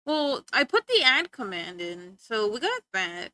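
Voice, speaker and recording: A woman's voice: on the high side, very animated, measured pace, pushed and bright, dry recording. A young woman streamer chatting playfully with her viewers, teasing and giggling as she talks. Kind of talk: casual chat with stream viewers.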